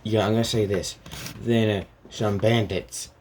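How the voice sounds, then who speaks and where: Low-ish voiced guy rambling slowly thru a story idea, lots of restarts, keyboard clacking faintly. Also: fairly even intonation, a little mellow, slight background noise. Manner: hesitant, rambling, many restarts and fillers.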